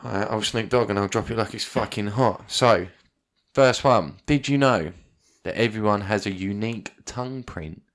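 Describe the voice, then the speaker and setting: Casting: male podcast co-host, very low voice, wry, laughs easily, casual debate. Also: normal speed, fairly bright tone.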